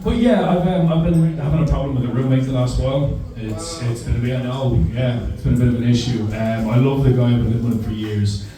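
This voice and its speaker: A man's voice: medium pitch, fast talker, hardly any pauses, distant mic. A young man doing a wry, self-deprecating stand-up set, swearing freely. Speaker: stand-up comedian. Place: comedy club stage with audience. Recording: roomy club sound with crowd laughter.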